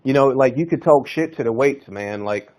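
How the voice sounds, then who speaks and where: Guy w/ doing a casual fitness podcast, slangy and pumped, mid-pitch voice. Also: moderate pace, darkish tone. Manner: loose, slangy, hyped-up coaching talk. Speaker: podcast host.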